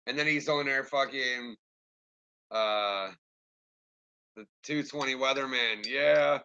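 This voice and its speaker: A man's voice: mid-range voice, takes it slowly, sharp tone, smooth, dull audio. A man ranting on a live stream and answering his chat, angry, rambling and swearing constantly. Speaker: livestreamer talking to chat.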